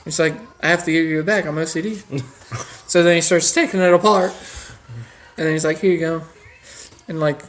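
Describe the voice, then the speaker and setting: This co-host retells a silly story on a podcast and keeps breaking into giggles. The voice sits at a middle pitch and keeps an ordinary, everyday sound. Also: fairly even intonation, fairly quick, long pauses. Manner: giggly, laughs between lines. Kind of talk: improvised comic storytelling.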